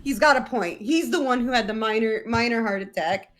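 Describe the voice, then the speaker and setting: A woman's voice: fairly high pitch, fairly quick. Chatty woman telling a family story. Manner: animated, laughs mid-sentence, acts out family members' voices. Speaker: guest streamer. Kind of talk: casual storytelling chat.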